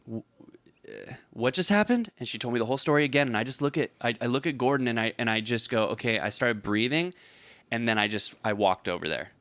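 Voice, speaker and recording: A man in his thirties tells a story on a casual podcast, his voice bright and forward. He acts out each quote with big jumps in pitch. The sound is dry and close. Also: animated, fast talker, no room sound. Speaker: podcast co-host.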